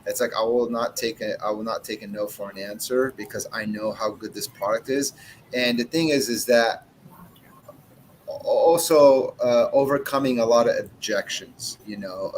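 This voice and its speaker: A man's voice: fairly low pitch, steady tone, moderate pace, a little hiss or hum, poor audio. A man in his forties, a cigar brand owner and podcast guest, talking in a blunt, casual way, swearing freely and acting out what he says to customers. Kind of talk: casual chat.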